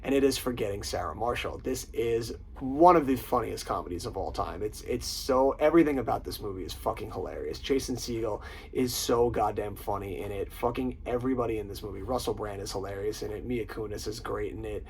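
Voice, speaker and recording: A man's voice: lowish voice, brisk, gravelly, darkish tone, a little hiss or hum, rough recording. A man hosting a casual movie countdown, swearing often and gushing about his favorite comedies. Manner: profane, enthusiastic, quotes lines in put-on voices. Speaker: host.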